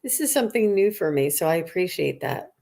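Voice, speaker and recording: A woman's voice: fairly low pitch, expressive, brisk, gravelly, mellow. Chatty woman greeting live-stream viewers. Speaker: psychic medium host. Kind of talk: live-stream question session.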